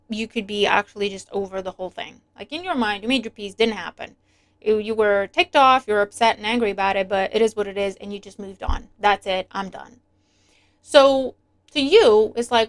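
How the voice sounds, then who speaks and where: A woman reading tarot cards to her viewers in a chatty way, often acting out little imagined exchanges and checking in with "right?". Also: a little high. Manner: chatty, lots of "right?" and acted-out inner dialogue. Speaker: tarot reader. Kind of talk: casual tarot reading monologue.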